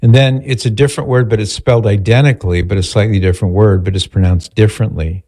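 On a live call-in radio show, a male host with a fairly low, dark voice speaks quickly with fairly even intonation. He leads a prayer and chats casually and playfully with listeners.

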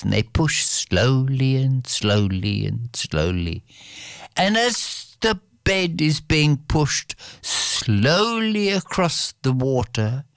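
A woman telling a fairy tale aloud in a slow, dramatic way, speaking directly to her listeners. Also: rumbling low, no room sound, clean studio sound. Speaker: storyteller. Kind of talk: oral fairy-tale storytelling.

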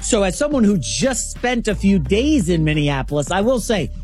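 Male sports talk co-host, high-voiced, easygoing and chatty. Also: very animated, moderate pace, darkish tone, faint music behind. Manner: chatty, tosses in laughs and filler words. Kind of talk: casual sports banter.

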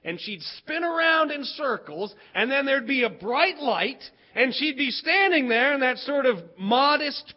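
Very high-voiced folksy male storyteller. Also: muffled recording. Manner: animated, folksy, building comic suspense. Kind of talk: told comic story performance.

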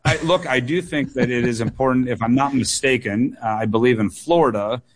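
A man's voice: mid-range voice, fairly quick, slight background noise. A man running for state office, answering radio interview questions earnestly, with frequent fillers and repeated words. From United States. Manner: earnest, repetitive phrasing with many fillers and doubled words. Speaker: political candidate guest.

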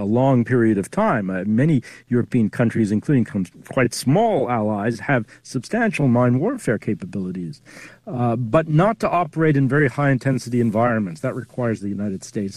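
A man speaking as a policy analyst guest in a remote news interview, giving measured, careful answers. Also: medium pitch, a little mellow, no room sound. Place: remote studio link.

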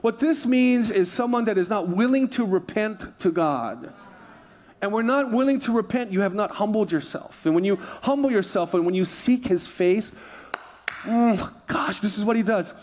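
A man's voice: sits high, lively intonation, normal speed, a little mellow, big-room sound. A middle-aged man preaching a sermon as pastor, chatty and humorous, throwing asides to his congregation.

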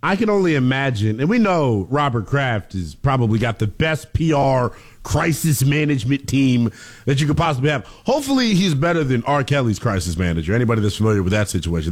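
A man co-hosting a sports talk show, talking loosely with lots of fillers and sudden jumps in emphasis. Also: medium pitch. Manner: lively, loose, many fillers.

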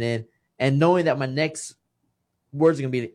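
A man's voice: medium pitch, fast talker. Earnest man telling a heartfelt story. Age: 30s. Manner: emotional, earnest, quotes others' words. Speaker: guest, retired boxer. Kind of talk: personal storytelling in casual chat.

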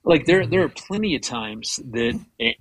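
A man in his fifties, a guest telling a personal story with animated retellings and frequent stumbling restarts. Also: on the high side, moderate pace, breathy edge, no echo, low-quality recording. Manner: animated, retells his inner rants with rising voice; frequent repeated-word restarts. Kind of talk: storytelling in conversation.

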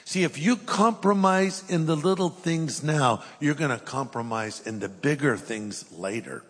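A man's voice: on the high side, expressive, a little slow, a bit bright, long reverb tail. A middle-aged man preaching a sermon, reading scripture aloud and then pressing his points with emphasis. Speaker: pastor.

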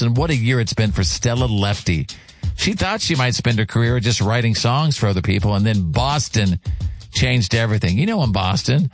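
A man's voice: medium pitch, moderate pace, soft background music. A man presenting a weekly radio chart countdown, upbeat and conversational.

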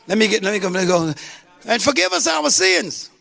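A male pastor preaching a sermon, calling out to the congregation for responses and shouting exclamations. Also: high-pitched, big pitch swings, a little fast, gravelly, a little hiss or hum.

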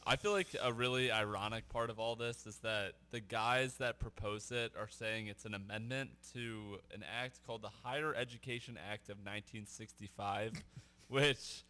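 Low bright-voiced radio co-host. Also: male voice, fairly even intonation, moderate pace. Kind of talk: casual sports talk.

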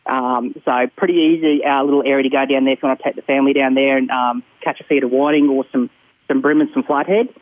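A man's voice: mid-range voice, fairly even intonation, fast talker, dry recording. A man with an Australian accent giving a casual fishing report as a caller, rambling with many ums and uhs. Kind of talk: casual radio phone chat. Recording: tinny phone line.

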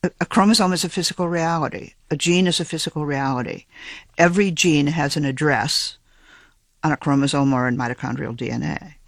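A man with a fairly high voice speaks as a geneticist in an interview. He explains his science in a measured, precise and academic way, sometimes restarting a phrase. The sound is dry and close, with no room echo. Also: vocal fry.

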